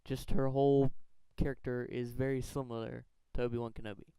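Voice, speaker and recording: A man's voice: mid-range voice, flat delivery, brisk, mellow, clean tone, no room sound, low-quality recording. A man earnestly talking through a fan theory countdown, rambling and correcting himself as he goes. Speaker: fan theory video maker. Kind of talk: casual countdown commentary.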